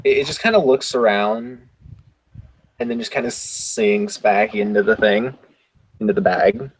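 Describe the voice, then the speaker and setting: A man's voice: fairly low pitch, fairly even intonation, a little slow, no room sound, low-quality recording. A man playing a tabletop game, describing his character in a rambling, self-correcting way. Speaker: player.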